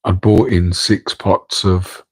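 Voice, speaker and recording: A man with an English Midlands accent chatting on a late-night live stream from home. His voice sits very low and stays flat, with little rise and fall. He rambles, makes fun of himself and talks back to the comments, keeping quiet so he won't wake the house. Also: slow, husky, poor audio. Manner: rambling, self-deprecating, chatting to viewers in chat. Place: home, room next to an aquarium tank. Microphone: microphone on a tripod.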